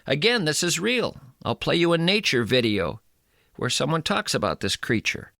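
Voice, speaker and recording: A male radio host doing a comic monologue with playful mock-outrage and drawn-out emphasis. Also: on the high side, big pitch swings, gravelly, pushed and bright, no room sound, studio quality.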